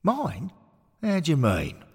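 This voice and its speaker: A man doing a gruff older football fan. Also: a little high, huge pitch swings, slow pace, dry recording, clean studio sound, pitched above the performer's own voice, heavily acted. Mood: doubtful.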